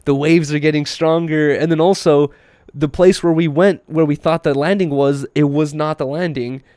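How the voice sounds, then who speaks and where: A young man, a podcast host, telling a story in casual chat, animated, laughing often and acting out quotes. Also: on the high side, normal speed, no echo, clean studio sound.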